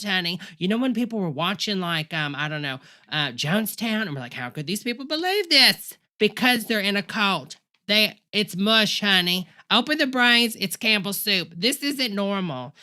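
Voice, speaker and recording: A woman's voice: mid-range voice, bright, forceful tone. A woman playing a sassy, foul-mouthed church-leader character who rants in a rambling way and calls her viewers honey, in a comedic livestream. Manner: profane, rambling ranting, calls listeners honey.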